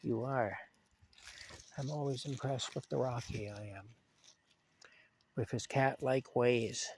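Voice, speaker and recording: A man strolls outdoors at night, talking in a loose, rambling way. His voice sits at an ordinary middle pitch, and he often stops to chat fondly with his cat. A faint hiss sits behind him. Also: slow. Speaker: vlogger. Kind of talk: casual rambling monologue. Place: outdoors in a rural yard at night.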